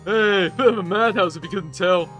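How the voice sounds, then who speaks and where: A man doing a loud brash teasing buddy. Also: high-pitched, normal speed, faint music behind. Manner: brash, joking, shouty bursts. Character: loud boisterous young man, teasing best friend.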